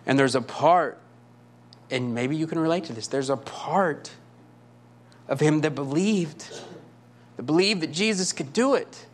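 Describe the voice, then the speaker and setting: An impassioned male pastor delivering a sermon. His voice sits high for a man, and he builds through repeated phrases and rhetorical questions. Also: unhurried, pauses often.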